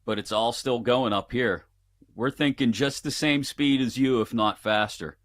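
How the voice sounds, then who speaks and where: A man, a guest on a casual sports betting show, telling playful animated stories. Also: medium pitch, a little slow.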